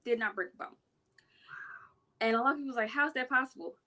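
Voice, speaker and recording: Animated storytelling woman, bright voice. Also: fast. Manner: animated, acts out quotes with big pitch jumps. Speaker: self-defense business owner, guest. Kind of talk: casual storytelling chat.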